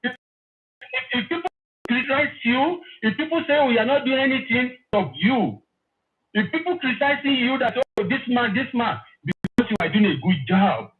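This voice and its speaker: High-voiced man on a phone line. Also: lively intonation, moderate pace. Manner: effusive, emotional, repeats his praise. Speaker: caller. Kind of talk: phone-in call.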